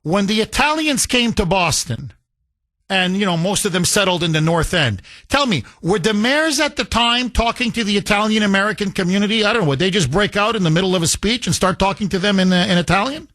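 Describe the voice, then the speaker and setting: A man with a slight accent hosts a talk radio show, firing off combative, incredulous rhetorical questions. His voice sits high and swoops a lot as he argues. The tone is bright and forceful. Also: expressive, brisk. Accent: slight foreign accent. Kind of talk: opinionated talk radio monologue.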